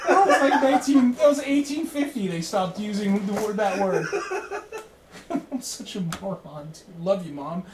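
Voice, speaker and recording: A man's voice: high-pitched, expressive, normal speed. A man playing in a tabletop game, rambling in casual chat, laughing often and swearing freely. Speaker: player. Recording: roomy, distant mic, light noise.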